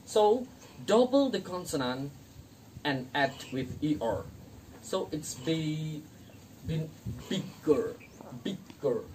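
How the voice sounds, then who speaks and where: Slow young speaker from Indonesia teaching. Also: mid-range voice, expressive, darkish tone. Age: young adult. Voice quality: non-native English grammar. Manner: slow, repeating each example word. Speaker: student teacher. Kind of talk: classroom grammar lesson. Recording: distant mic, faint noise.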